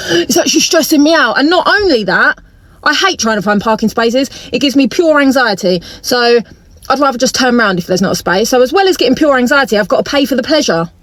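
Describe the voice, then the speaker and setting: A woman's voice: sits high, expressive, fairly quick, fairly bright tone, no echo. A woman ranting to camera in a casual, exasperated and emphatic way. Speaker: vlogger.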